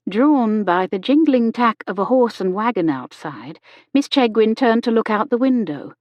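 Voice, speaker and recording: A woman reading an audiobook as narrator, gentle and measured in her reading. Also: fairly high pitch, lively intonation, no echo. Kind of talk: scripted narration. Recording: dull lo-fi dry audio.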